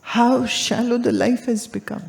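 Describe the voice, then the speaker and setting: A woman giving a spiritual discourse, deliberate and full of anecdotes and rhetorical questions. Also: on the high side, steady tone, vocal fry, a little mellow. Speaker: spiritual teacher.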